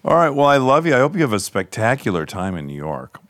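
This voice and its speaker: A male podcast host in casual chat, telling lively stories and swearing freely. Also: medium pitch, quick pace, dry recording, clean studio sound. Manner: animated storyteller, swears freely.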